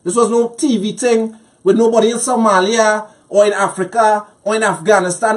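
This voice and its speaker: A man's voice: high voice, fairly even intonation, normal speed. A man with a Trinidadian accent, a guest on a political talk show, speaking angrily and emphatically and repeating phrases to drive his points home.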